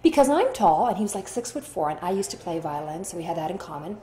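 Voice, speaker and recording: A woman's voice: on the low side, sing-song, quick pace, mellow. A woman actor in an interview, chatty and rambling, telling stories and acting out the dialogue. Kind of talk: candid interview storytelling. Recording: roomy echo.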